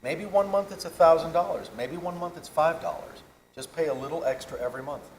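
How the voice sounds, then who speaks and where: A man's voice: a little high, fairly quick, slight background noise, voice pushed up, natural voice. A man quoting a kindly old landlord. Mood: reassuring. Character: kindly older male landlord, patient and generous. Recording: roomy hall, faint ambience.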